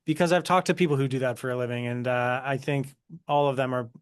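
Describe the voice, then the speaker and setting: A man co-hosting a podcast chats in an easygoing, joking way and laughs often while reading viewer comments. His voice sits at an ordinary middle pitch. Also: fairly even intonation, fast, clean tone. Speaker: podcast co-host. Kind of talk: casual chat reacting to comments.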